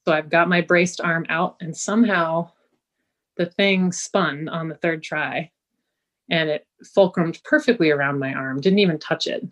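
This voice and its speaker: A deep-voiced middle-aged healer speaks at a measured pace as a guest in a casual interview, relating a personal experience. Her storytelling is lively, with the things others said acted out.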